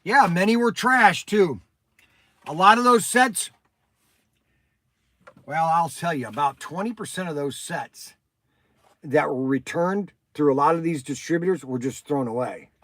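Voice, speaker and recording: A man's voice: on the high side, measured pace, long pauses, a bit bright, no room sound. An older man hosting a casual livestream, rambling and chatty as he answers viewers by name. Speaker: toy shop host answering viewers.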